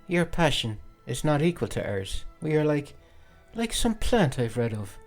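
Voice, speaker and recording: A man doing a shrill, melodramatic young woman. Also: big pitch swings, unhurried, soft background music. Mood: languishing. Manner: high falsetto, melodramatic sighing.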